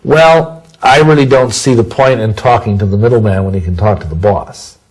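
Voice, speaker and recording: A man's voice: lowish voice, moderate pace, low-quality recording. A man answering interview questions in a rambling, self-correcting way, full of folksy sayings. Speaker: interview guest.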